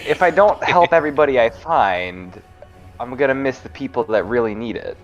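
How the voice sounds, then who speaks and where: A man's voice: mid-range voice, animated, fairly quick, lo-fi sound, faint music behind. A man playing a tabletop game, talking earnestly with hesitant restarts. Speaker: player. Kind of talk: casual tabletop chat.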